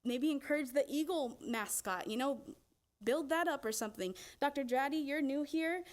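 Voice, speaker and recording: A woman's voice: high-pitched, normal speed. A woman speaking as a parent in public comment at a school board meeting, earnest and pleading, close to tears.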